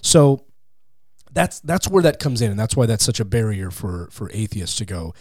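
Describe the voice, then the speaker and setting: A man speaking as a guest in a casual interview, animated and acting out quotes in different voices, on a close studio mic. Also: on the low side, normal speed, no echo. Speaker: podcast guest, atheist comedian.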